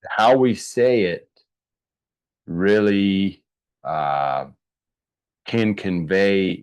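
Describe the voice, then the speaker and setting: A man presenting an online workshop, talking conversationally with many fillers and asking viewers to answer in the chat. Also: deep voice. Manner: conversational, thinks aloud with fillers and restarts; asks the audience to answer in chat.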